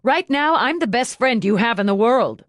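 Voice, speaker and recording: A woman voicing a tough female police lieutenant who talks bluntly, forcefully and with sarcasm. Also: a little high, expressive, moderate pace, dry recording, studio quality, pitched above the performer's own voice, close to an everyday voice. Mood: urgent.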